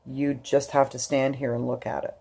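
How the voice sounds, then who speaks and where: Tearful low-voiced woman in her fifties. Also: flat delivery, normal speed, vocal fry, dark tone, husky. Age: 50s. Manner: tearful, rambling with many fillers. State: crying. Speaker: YouTuber. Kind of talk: emotional personal vlog.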